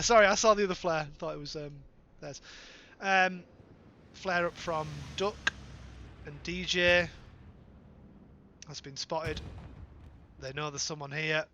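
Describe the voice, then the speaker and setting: A British man calling a live game match, his voice bright and sitting a touch high. He talks playfully, throwing in jokes and correcting himself on the fly, with a faint hiss behind him. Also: dull audio. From Britain. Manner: playful, joking asides and quick self-corrections. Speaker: esports caster.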